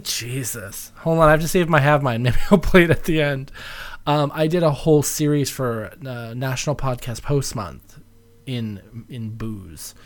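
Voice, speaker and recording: A man giving wry, self-mocking asides while commenting on an old episode of a podcast. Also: medium pitch. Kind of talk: casual commentary.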